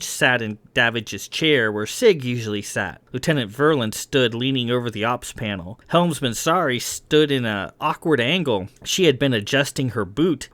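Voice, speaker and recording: A man narrating his own science fiction novel aloud in a steady, even storytelling voice. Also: medium pitch, dry recording. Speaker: author and reader. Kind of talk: audiobook narration.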